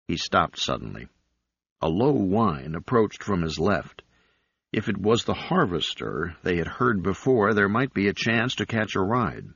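A man narrating an audiobook in a steady, even reading. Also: deep voice, a little slow, gravelly, breathy edge, no echo. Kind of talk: scripted narration. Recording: slightly dull recording.

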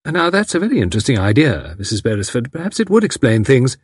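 A man voicing a calm, competent middle-aged woman who talks cheerfully and comfortably. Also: medium pitch, fast, slightly rough, dry recording, studio quality. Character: calm competent matron of about fifty.

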